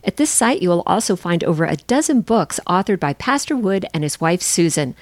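A woman announcing a radio program, reading a scripted promo in a clear, measured way. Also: lowish voice, big pitch swings, no room sound.

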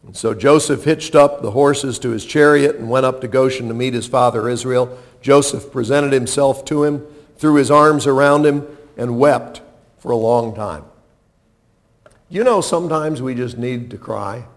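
A man preaching a sermon in an expressive, conversational way, dropping to soft low lines and rising to loud emphatic peaks, often asking the congregation questions. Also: moderate pace. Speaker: pastor.

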